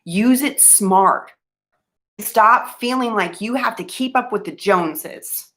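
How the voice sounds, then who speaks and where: A young woman speaks straight to her viewers in a bright, forceful voice. She is earnest and emphatic, pressing each point, then loses her thread and laughs it off before pushing on. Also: mid-range voice, slow pace. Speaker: vlogger giving money advice. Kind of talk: casual talk to camera.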